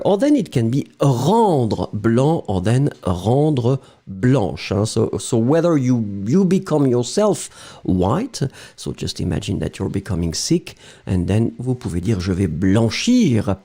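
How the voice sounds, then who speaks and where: A man's voice: mid-range voice, mellow. A man with a French accent teaching a live online language lesson, explaining patiently and greeting viewers by name.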